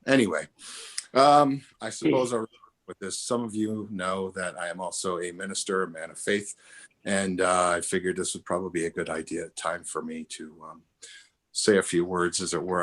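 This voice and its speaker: A man's voice: deep voice, steady tone, moderate pace. Older man telling a rambling comic story. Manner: rambling, self-correcting. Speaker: comedian and minister. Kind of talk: storytelling stand-up. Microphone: video call.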